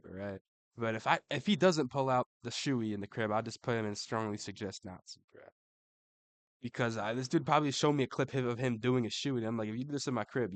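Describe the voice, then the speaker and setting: A man's voice: mid-range voice, no echo. A young adult man giving casual ranking commentary, slangy and profane, saying "bro" after nearly every line. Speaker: MMA commentator.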